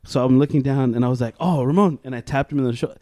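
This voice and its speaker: A young man co-hosting a podcast, telling swearing-laced stories in animated chat and acting out the quotes. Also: mid-range voice, racing, dry recording. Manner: profane, animated storytelling with acted quotes. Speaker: podcast co-host. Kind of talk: casual chat.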